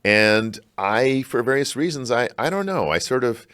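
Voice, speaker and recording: A middle-aged man from Chicago, a scholar talking in a podcast interview, reflective and halting with animated bursts. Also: medium pitch. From Chicago, United States. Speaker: guest, scholar and university provost.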